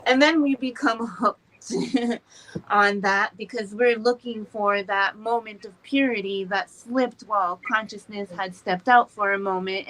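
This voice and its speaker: A woman co-hosting a podcast in casual chat, expressive, laughing often and swearing freely. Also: mid-range voice, rough recording. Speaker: podcast co-host.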